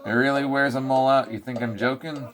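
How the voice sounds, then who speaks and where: A man voicing a gruff, angry male mole who scolds and rants in slangy tough talk, with game music behind. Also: mid-range voice, fairly even intonation, a little fast, close to an everyday voice. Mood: ranting.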